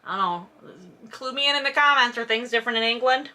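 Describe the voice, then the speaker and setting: A woman's voice: on the high side, quick pace, bright, forceful tone. A woman reading a novel aloud as host and breaking off for snarky, exasperated commentary. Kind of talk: sarcastic read-along commentary.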